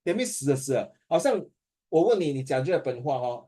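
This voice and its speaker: Singaporean man as a teasing, language-mixing tutor, warm relaxed timbre. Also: fairly high pitch, a little fast. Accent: Singaporean English. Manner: playful and teasing, switches between languages. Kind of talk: casual one-on-one tutoring.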